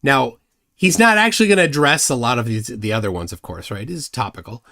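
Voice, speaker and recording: A man's voice: medium pitch, expressive, fast, bright, forceful tone. A middle-aged man hosting a live stream, rambling and self-deprecating with many restarts. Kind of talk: casual live commentary.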